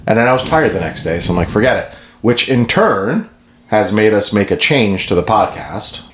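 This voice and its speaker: A man's voice: on the low side, animated, normal speed, background noise. A middle-aged man co-hosting a podcast in casual chat, jokey and teasing, fond of doing silly voices. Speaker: podcast co-host.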